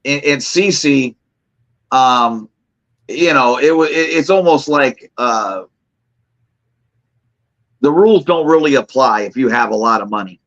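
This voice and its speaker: Middle-aged male co-host, rambling storyteller full of restarts, medium pitch, muffled lo-fi mic. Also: unhurried, long pauses, a bit bright. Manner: rambling, laughing, many restarts and fillers. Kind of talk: casual chat, storytelling. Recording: dull lo-fi remote audio.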